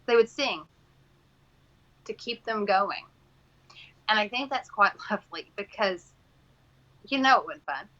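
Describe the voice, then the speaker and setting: Texan woman, bright voice, chatty and rambling, laughs a lot, dull lo-fi sound. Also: mid-range voice, measured pace, long pauses. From Texas. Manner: rambling, laughs often, rising excitement. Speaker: host. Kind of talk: casual chat.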